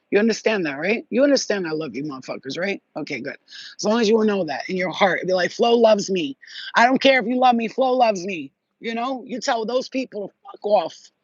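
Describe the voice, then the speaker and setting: A man's voice: sits high, fairly bright tone, dry recording, highs cut off. A man hosting a spiritual livestream in casual chat, effusive and rambling, swearing freely.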